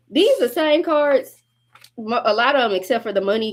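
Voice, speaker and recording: A woman's voice: on the high side, expressive, brisk. A woman tarot reader on a casual livestream, talking bluntly and chattily, swearing freely and laughing often. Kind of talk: casual livestream collective reading.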